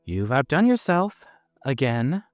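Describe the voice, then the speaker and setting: A man voicing a stern, sarcastic female Spanish teacher with a sharp, cutting manner. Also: a little high, sing-song, normal speed, dry recording, clean studio sound, faint music behind, pitched above the performer's own voice.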